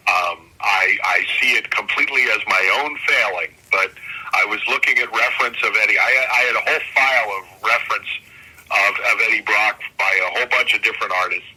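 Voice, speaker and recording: A man's voice: on the low side, brisk, pushed and bright, breathy edge, rough recording. An older man, a comic artist guest, talking casually and enthusiastically in an interview, often restarting his sentences. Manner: rambling, self-correcting, enthusiastic.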